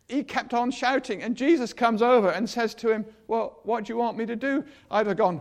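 A man's voice: high-pitched, lively intonation, moderate pace. An older man giving a chatty sermon, acting out the people in the stories. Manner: chatty, acts out quotes in voices. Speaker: preacher.

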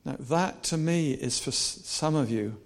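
A male preacher giving a lively, animated sermon, swinging between soft, personal asides and repeated, shouted rallying cries. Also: on the high side, measured pace. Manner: animated, shouting and laughing with the crowd.

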